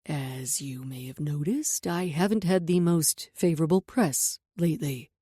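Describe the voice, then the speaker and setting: A woman doing a calm, commanding man. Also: deep voice, measured pace, breathy edge, dry recording, studio quality, voice pushed down.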